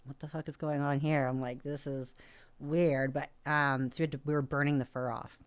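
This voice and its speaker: A woman from North America, a podcast guest, telling a story in an animated, casual way and often quoting herself. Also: deep voice, fairly quick, clear, resonant tone. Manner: animated, frequent "like" fillers, quotes herself.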